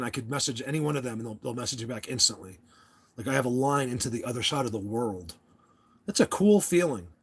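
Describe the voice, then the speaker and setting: A man's voice: mid-range voice, breathy edge. A young American man hosting a casual livestream chat, rambling and restarting his sentences as he talks to viewers. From United States. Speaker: livestream host.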